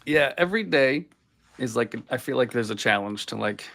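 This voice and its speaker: A man's voice: mid-range voice, expressive, moderate pace, creaky, a bit bright. A man from Boston, a voice actor guest, telling rambling anecdotes in a casual interview over a video call. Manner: rambling anecdotes full of filler "like".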